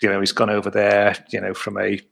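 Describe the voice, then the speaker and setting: A man's voice: lowish voice, monotone, fairly quick, creaky, a bit bright. A man co-hosting a podcast, rambling through casual chat with many restarts. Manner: rambling, many restarts, laughs while talking. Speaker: podcast co-host.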